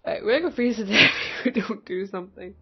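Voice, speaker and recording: A woman casually commenting as she plays a mystery game, muttering to herself in an unhurried way. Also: mid-range voice, expressive, breathy edge. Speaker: game player. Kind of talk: casual let's-play commentary. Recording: muffled audio with game music.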